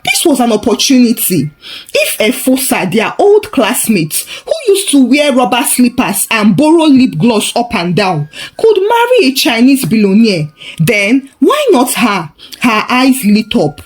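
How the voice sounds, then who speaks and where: A woman narrating a story, expressive and chatty with asides. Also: a little high, measured pace, slightly rough.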